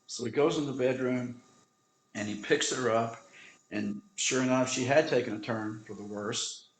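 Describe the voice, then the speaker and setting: A man tells a moving story at an even pace and in a medium-pitched voice. His delivery is earnest, and he uses dramatic pauses to let moments land. The room around him is noticeably echoey. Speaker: instructor. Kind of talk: storytelling talk.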